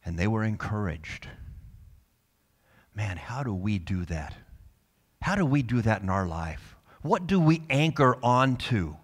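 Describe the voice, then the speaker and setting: Preaching pastor in an echoing church hall. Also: male voice, fairly low pitch, big pitch swings, unhurried, pauses often. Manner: passionate preaching, swinging from soft to loud. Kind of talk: sermon. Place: church sanctuary.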